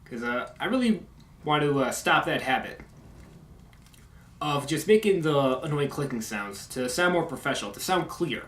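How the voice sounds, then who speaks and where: A young man giving a casual video update, halting with many fillers and sharp S sounds. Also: on the high side, expressive. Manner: strong S sounds. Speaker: YouTube video maker. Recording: echoey room.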